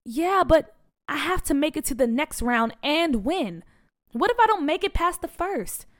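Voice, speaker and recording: A dramatic fifth-grade girl, whiny and emphatic, her fairly high voice climbing higher when she gets upset, as a woman storyteller puts her on. She sounds anxious and fed up in a children's storybook reading. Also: sing-song, unhurried. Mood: worried.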